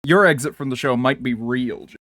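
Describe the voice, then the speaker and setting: Teasing young podcast host, dry sound. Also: male voice, medium pitch, a little fast, fairly bright tone, no room sound. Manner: rambling, teasing, laughs often. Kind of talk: casual podcast chat.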